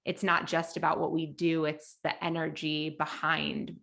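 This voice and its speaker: A woman hosting a podcast, thinking aloud in a relaxed, conversational way. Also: low voice, a little slow, gravelly. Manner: thoughtful, conversational, many fillers and restarts while thinking aloud. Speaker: podcast host.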